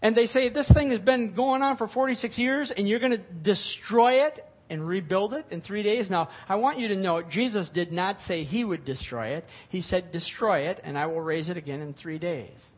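A man's voice: high voice, moderate pace, few pauses. A middle-aged male pastor preaching a sermon, reading scripture and explaining it with rising emphasis.

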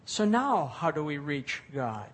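A middle-aged man preaching from the pulpit in a notably high voice. He reads scripture aloud and then explains it, pressing his points with growing emphasis. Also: big pitch swings, a little slow, breathy edge. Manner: expository preaching with scripture reading, rising emphasis. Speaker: pastor. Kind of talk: sermon.

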